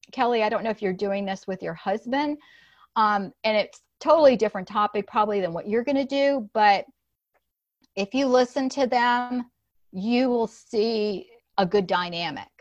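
A woman's voice: medium pitch, moderate pace, no echo. A middle-aged woman hosting a podcast, chatting casually and rambling through fillers and restarts. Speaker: podcast host. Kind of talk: casual chat. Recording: dull, dry lo-fi recording.

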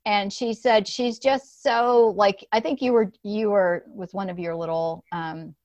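A woman's voice: mid-range voice, steady tone, measured pace, darkish tone, no room sound. A middle-aged woman hosting a podcast, chatting casually and rambling through fillers and restarts. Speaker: podcast host. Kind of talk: casual chat. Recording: dull, dry lo-fi recording.

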